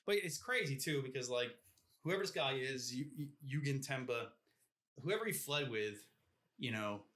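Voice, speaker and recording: A man talks through a book on a casual podcast, his voice bright and forceful. He rambles and restarts, throwing in "you know what I mean?" as he goes. His pitch sits in a middle range for a man. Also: lively intonation, moderate pace. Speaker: podcast co-host. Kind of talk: casual book discussion chat.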